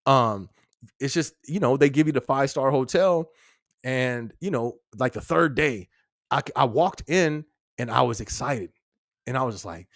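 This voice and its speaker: A man's voice: medium pitch, animated, normal speed, no echo, studio quality. A young man hosting a live podcast, chatting casually in slangy, loose talk and laughing often. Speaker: podcast host. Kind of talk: casual live-stream chat.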